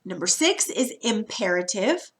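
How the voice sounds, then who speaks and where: A woman teacher records a grammar lesson for her students at a computer. She talks to them directly in a loose, chatty way, repeating points and restarting sentences as she goes. Her voice sits at an ordinary middle pitch. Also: very animated, measured pace. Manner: repeats and restarts while explaining.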